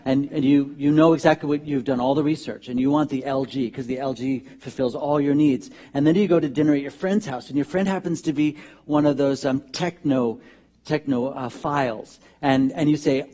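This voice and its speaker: A man's voice: mid-range voice, a little fast. A man preaching a conversational, humorous sermon as minister in a church. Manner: conversational, humorous, animated asides. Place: church sanctuary.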